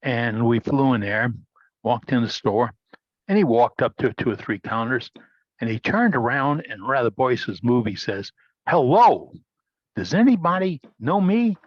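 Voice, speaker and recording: A man's voice: mid-range voice, moderate pace, dry recording. A man chatting on a video call, drifting through a long, rambling anecdote. His voice comes through dull and dry, with no room sound around it. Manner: rambling storyteller with restarts. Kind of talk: casual video-call chat.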